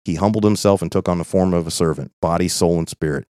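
A man's voice: low-pitched, fast, a little mellow, no echo, studio quality. A man teaching an informal Bible study in an earnest, conversational way, often checking in with "okay?".

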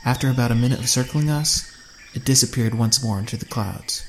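A man narrating a first-person survival story in a steady, measured way. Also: medium pitch, a little hiss or hum.

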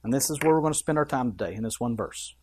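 An emphatic preacher working through scripture, reading the verses aloud and then pressing the point home. The delivery is punchy, with quick offhand asides that break into the reading. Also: mid-range voice, lively intonation, a little mellow, a little hiss or hum. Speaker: pastor. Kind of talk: sermon.

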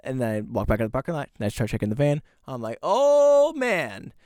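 A man's voice: medium pitch, rapid-fire, dark tone, no room sound. A young man with a Southern American twang, telling a rambling story on a casual podcast. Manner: rambling storyteller, many ums and restarts. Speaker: podcast co-host. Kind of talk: casual chat.

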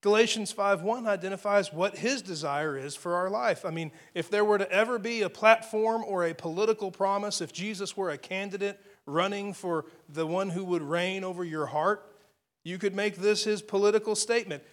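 A man's voice: high voice, normal speed. A man preaching a sermon, earnest, stopping often to restart a phrase and add "I mean" asides. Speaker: pastor.

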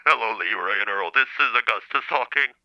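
A robotic speech-synthesizer voice playing an indignant male caller, flat and clipped. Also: fairly low pitch, a little fast, muffled recording, exaggerated voice. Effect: computer speech synthesizer.

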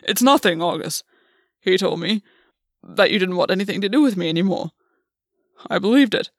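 A woman's voice: mid-range voice, animated, normal speed, no room sound, clean studio sound. A woman voicing an anxious, guilt-ridden young fae man who talks in a hesitant, pleading way. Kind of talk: audiobook reading.

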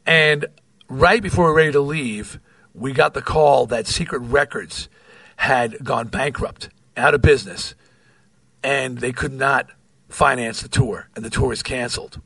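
A middle-aged New York man hosts a podcast, reading from his memoir and spinning rock stories with wry, profane asides that wander off the page. His voice is medium-pitched and a little slow, recorded with no echo. He comes across as an animated storyteller.

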